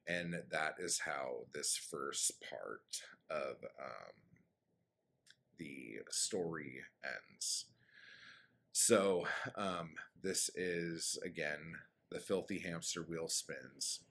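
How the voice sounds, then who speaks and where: Very deep-voiced man, slow rambling recap. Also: vocal fry, fairly bright tone. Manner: loose and rambling, many "um" and "like" fillers, blunt swearing. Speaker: author summarizing his story. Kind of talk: casual spoken recap.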